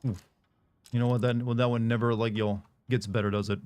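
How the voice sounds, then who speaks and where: A young man streaming a video game, chatting casually in a monotone and rambling with restarts. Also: mid-range voice, a little fast, clear, resonant tone, no echo. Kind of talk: casual chat while streaming.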